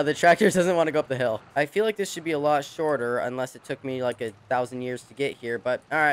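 A man's voice: mid-range voice, smooth. A young man hosting a farming game, giving casual joking commentary in a rambling, playful way. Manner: jokey, rambling, playful cowboy banter. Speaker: gaming channel host.

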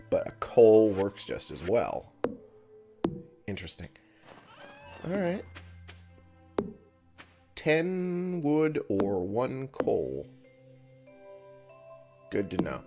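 A man giving casual gameplay commentary, sleepy and yawning, chatty and thinking aloud with frequent chuckles. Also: sits low. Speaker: let's play gamer.

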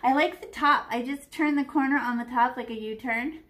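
A woman's voice: high-pitched, a little fast, a bit bright. A middle-aged woman teaching children to paint, chatty and playful, talking through every brushstroke as she works. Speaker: art teacher. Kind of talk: live art lesson to children.

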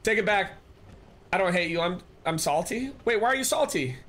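A man's voice: high voice, animated, a little fast, fairly bright tone. A man live-streaming, chatting casually and rambling as he answers viewers and thanks them. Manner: rambling, restarts often, reads chat aloud.

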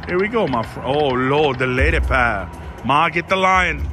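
A man's voice: fairly high pitch, expressive, normal speed, pushed and bright, a little hiss or hum. A man giving casual live commentary while gambling at a casino slot machine, talking to his viewers in a dramatic, theatrical way.

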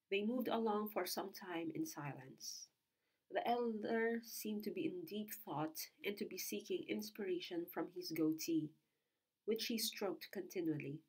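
A woman reading a classic novel aloud in a steady, clear narrating voice. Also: mid-range voice, a little slow, rough recording. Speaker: audiobook reader.

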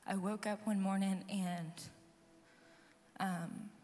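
A woman worship leader, hoarse and losing her voice, telling an earnest personal testimony to a live audience. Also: medium pitch, fairly even intonation, slow pace. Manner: earnest, storytelling, talks to the crowd. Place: large conference hall. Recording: live hall reverb with soft music.

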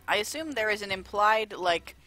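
Bright, rambling woman streamer. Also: medium pitch, expressive, moderate pace. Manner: chatty, rambling, with lots of fillers. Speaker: let's play streamer. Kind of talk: casual gameplay commentary. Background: faint game music.

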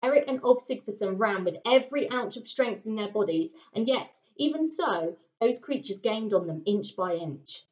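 A woman primary school teacher reading a children's story aloud, with an expressive delivery and dramatic pauses. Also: mid-range voice. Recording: roomy, slightly muffled home recording.

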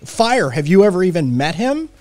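Man, stream host, sarcastic, profane, very lively pitch, faint music behind. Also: measured pace, dry recording. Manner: sarcastic, profane ranting at chat. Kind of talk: live stream commentary.

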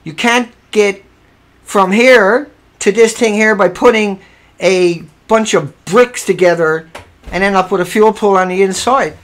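A man with a high, somewhat bright voice hosts a livestream, offering casual commentary. He argues his point emphatically and keeps repeating himself.

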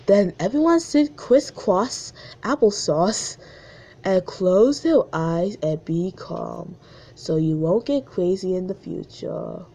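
A woman's voice: on the low side, animated, slow, creaky, mellow, breathy edge. Chatty woman reading her old story. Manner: chatty, self-mocking asides. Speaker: reader of her own childhood story. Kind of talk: casual story reading with commentary.

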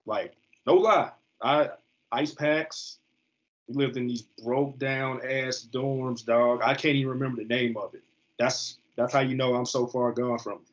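Man, 30s, from the US East Coast, interview guest, casual slangy storytelling, mid pitch, dull lo-fi audio. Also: fairly even intonation, a little slow. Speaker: guest, football player. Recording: slightly muffled lo-fi recording.

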